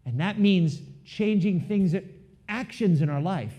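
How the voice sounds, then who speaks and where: A man preaching a sermon in a church, talking with the congregation, asking them questions and moving between loud emphasis and hushed asides. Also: high voice, expressive, measured pace. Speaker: pastor.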